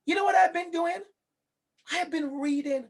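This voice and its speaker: A man with a Jamaican accent giving a live online lecture, animated and emphatic, turning to a colleague by name. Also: very high-pitched, moderate pace, vocal fry.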